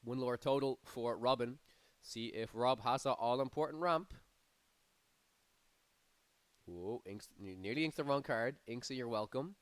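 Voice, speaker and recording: Smooth-voiced man casting a card game. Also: medium pitch, moderate pace, hardly any pauses, dry recording. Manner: energetic, rising excitement on big plays. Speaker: tournament caster. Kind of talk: live play-by-play commentary.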